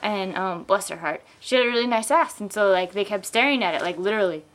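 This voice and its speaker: A woman's voice: mid-range voice, fast, fairly bright tone. A young woman vlogging in a casual, rambling way, tipsy and giggly, with lots of fillers, recorded on a handheld camera mic. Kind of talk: casual rambling vlog rant.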